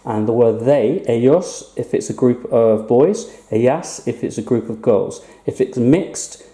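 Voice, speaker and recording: A man teaches a grammar lesson in a chatty, playful manner. His voice is very dark and mellow. The recording carries a noticeable room echo. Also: mid-range voice, unhurried. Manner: chatty, playful teacher, asks rhetorical questions. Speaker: Spanish teacher. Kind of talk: recorded online language lesson.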